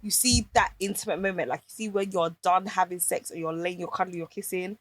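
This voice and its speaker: A woman's voice: on the low side, steady tone, fairly quick. A woman, a podcast guest in a candid casual chat, outspoken and teasing.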